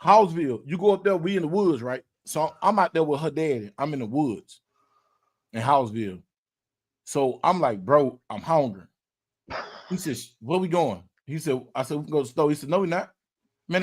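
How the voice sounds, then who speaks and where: A man, hosting a casual podcast and telling an animated story, repeating words and swearing as he acts out quotes. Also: a little high. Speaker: podcast host.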